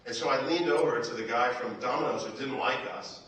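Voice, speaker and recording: Man, keynote speaker, quick bright delivery, lively storyteller, echoey hall, distant mic. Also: mid-range voice. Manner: animated storyteller, acts out quotes. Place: large conference hall.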